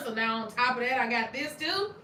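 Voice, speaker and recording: A middle-aged woman from Arkansas, hosting a casual chat, animated and laughing often with loud exclamations. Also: a little high, a little fast, a little hiss or hum. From Arkansas, USA. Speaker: channel host. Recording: roomy sound, distant from mic.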